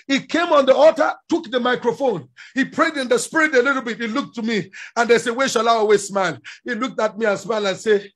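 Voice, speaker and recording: A man preaching a sermon with passion, often shouting. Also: very high voice, moderate pace. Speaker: pastor.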